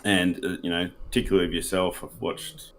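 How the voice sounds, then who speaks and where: Excited Australian man, deep voice. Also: brisk, a little hiss or hum. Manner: excited, gushing. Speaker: panel guest. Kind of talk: casual podcast chat.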